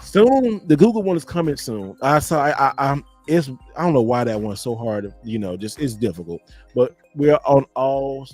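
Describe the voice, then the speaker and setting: A man's voice: medium pitch, normal speed, faint music behind. A man hosting a casual podcast chat, telling stories animatedly and acting out quotes. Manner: animated storyteller, acts out quotes. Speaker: podcast host.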